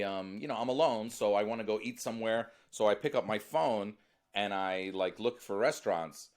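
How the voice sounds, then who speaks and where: American comedian guy riffing on a podcast, punchy and lively, talks right at his hosts. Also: mid-range voice. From United States. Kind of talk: comedic storytelling.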